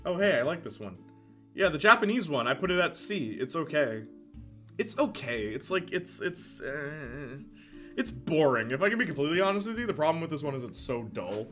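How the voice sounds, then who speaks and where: A young man streaming casual commentary, animated, laughing often and answering chat. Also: a little high, moderate pace, soft background music.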